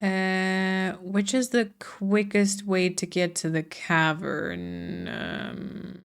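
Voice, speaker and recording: A woman's voice: medium pitch, steady tone, very slow, creaky, smooth. A woman streaming a farming game, chatting casually with her viewers while she plays. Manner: chatty, reads and answers chat while playing. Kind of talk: casual gaming livestream chat.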